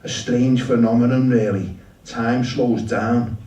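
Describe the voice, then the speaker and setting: A man telling a story live in a dry, deadpan way, swearing freely. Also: medium pitch, slow, muffled recording. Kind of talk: live spoken-word storytelling. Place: shop venue with audience. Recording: roomy shop, mic at a distance.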